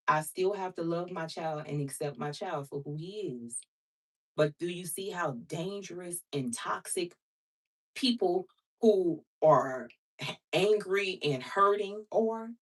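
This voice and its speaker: A woman's voice: lowish voice, animated, unhurried, distant mic. Blunt, outspoken woman tarot reader. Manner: blunt, outspoken and preachy, swears freely; talks to viewers as sister and baby. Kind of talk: casual vlog chat to viewers.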